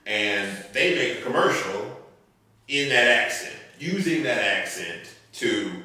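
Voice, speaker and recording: A man co-hosting a casual podcast, reviewing a film in a rambling, animated way full of fillers. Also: fairly low pitch. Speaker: podcast co-host. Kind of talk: casual movie review chat. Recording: echoey room, mic at a distance.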